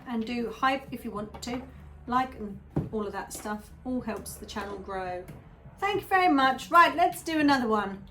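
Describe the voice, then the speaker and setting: A woman giving a chatty, animated tarot reading, often checking in with the listener. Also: on the high side. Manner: chatty, animated, keeps asking "yeah?". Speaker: tarot reader.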